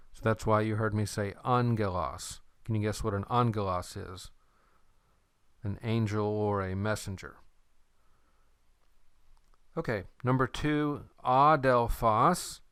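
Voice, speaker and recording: A man teaching a recorded language lesson, slow and patient, saying words twice for the learner. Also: medium pitch, fairly bright tone, smooth, no echo, clean studio sound. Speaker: Greek teacher.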